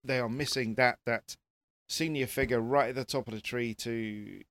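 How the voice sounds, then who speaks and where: Guy pundit, mid voice, animated, keeps repeating words mid-sentence, casual panel chat. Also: mid-range voice, normal speed, no room sound. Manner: animated, repeats words when pressing a point. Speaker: rally pundit.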